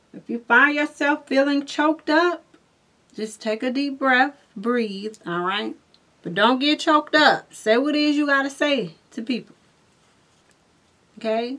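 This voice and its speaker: A woman giving a spiritual tarot reading, who talks viewers through guided breathing and reads cards with lively, chatty asides. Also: medium pitch. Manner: slow, soothing guided breathing, then excited and laughing at the cards. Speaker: tarot reader.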